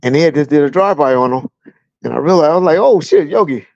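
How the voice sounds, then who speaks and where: A man's voice: on the high side, racing, gravelly, no echo, muffled recording. Blunt, profane man telling stories. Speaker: guest recounting police years. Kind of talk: casual storytelling on a livestream. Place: at home with a fan running.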